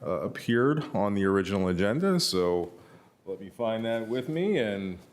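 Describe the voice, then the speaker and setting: A man with a fairly low voice chairs a county board meeting. He calls items and moves things along, pausing casually as he goes. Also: very animated. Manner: procedural, with casual pauses.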